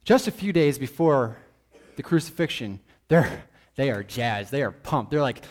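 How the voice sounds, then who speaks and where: A man preaching a sermon in an animated, joking, conversational way. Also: mid-range voice, normal speed.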